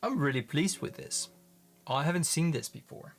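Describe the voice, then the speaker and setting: A man casually commenting in his studio as he looks at his handmade pigments, halting and restarting often. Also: a little high, lively intonation, soft background music. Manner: rambling, halting, many restarts. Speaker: pigment maker filming his studio work. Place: home studio.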